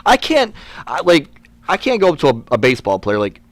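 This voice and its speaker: A man's voice: a little high, wildly swooping pitch, a little fast, no echo. A man, a guest, talking earnestly and repeating himself with restarts. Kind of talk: casual chat.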